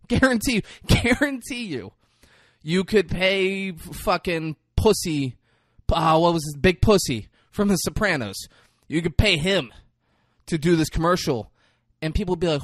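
A man hosting a podcast, ranting in a lively, swooping voice that climbs fairly high when he gets worked up. His casual talk is profane and jokey, recorded dry and close to the mic with no room sound. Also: moderate pace, no room sound. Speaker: podcast host. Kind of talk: casual comedic rant.

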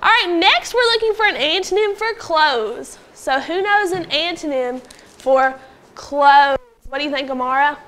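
A woman teaching a phonics lesson to young pupils in a classroom, patiently prompting them and sounding out words slowly. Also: high voice, lively intonation, a bit bright. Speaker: elementary school teacher.

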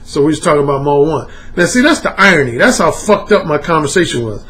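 A man and dating coach telling a story in a monologue, profane and animated, laughing as he talks. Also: on the high side, fast talker.

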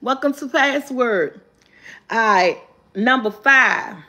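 A woman hosting a live guessing game, reading clues slowly and cheering loudly when viewers answer right. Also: a little high. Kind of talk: casual live-stream chat.

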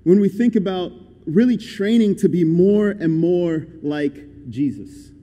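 A young man delivers a guest sermon in a friendly, conversational way, encouraging his listeners as he goes. His voice sits a little high yet sounds deeply mellow and soft-edged. The echo of a large church hall trails after his words. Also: lively intonation, a little slow. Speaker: guest preacher.

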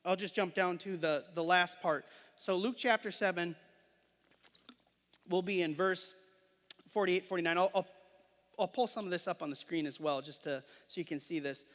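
A man's voice: high voice, moderate pace, pauses often, fairly bright tone. A man preaching a sermon, reading scripture aloud and then explaining it conversationally, often checking in with the listeners. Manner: asks listeners questions and adds "right?". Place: church sanctuary. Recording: long hall reverb.

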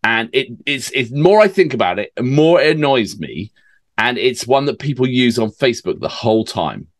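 A man's voice: medium pitch, big pitch swings, normal speed. A man co-hosting a reaction channel, chatting and laughing along in casual banter.

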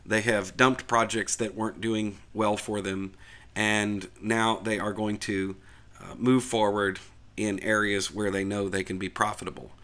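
Man, middle-aged, lowish voice, casual rant, animated and exasperated. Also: measured pace. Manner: animated, frustrated, conversational with fillers. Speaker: Linux video host. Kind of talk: casual opinion rant to camera.

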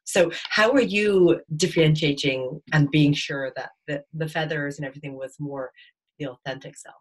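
A woman hosting a podcast interview who asks gentle questions, hesitating with many ums and restarts. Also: deep voice, normal speed. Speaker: podcast host. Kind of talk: casual interview chat.

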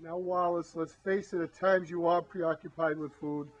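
A man playing a blunt, exasperated crew member who scolds the others and tries to calm them, in an amateur comedy spoof. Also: fairly high pitch, moderate pace, highs cut off, natural voice. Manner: scolding, then soothing.

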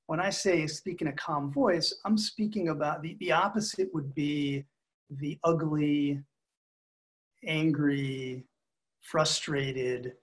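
A middle-aged man answers interview questions as a relationship expert, in an even, measured and thoughtful way. His voice sits somewhat high for a man. The tone stays calm throughout. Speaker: marriage expert guest. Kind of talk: podcast interview.

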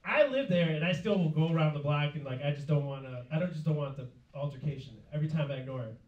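A man's voice: fairly high pitch, quick pace, muffled recording. A man performing a stand-up comedy set in a club, telling a story and laughing through his lines. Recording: roomy club sound from far off, loud audience.

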